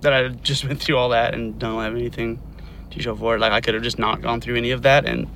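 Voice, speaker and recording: A man's voice: mid-range voice, steady tone, fast talker, a bit bright, a little hiss or hum. A young man talking bluntly in an interview, casual and swearing, often trailing off. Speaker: interviewee, son.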